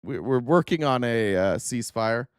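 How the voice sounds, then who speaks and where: A man's voice: mid-range voice, lively intonation, normal speed, clear, resonant tone, no echo, studio quality. A man hosting a political commentary livestream, ranting with exasperation and profanity as he reads out quotes and mocks them.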